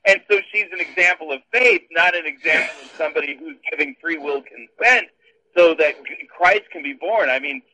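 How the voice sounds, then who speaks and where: A man's voice: fairly high pitch, a little fast, sharp tone, poor audio. A man, a pastor, explaining scripture in a casual discussion with wry, dry humor.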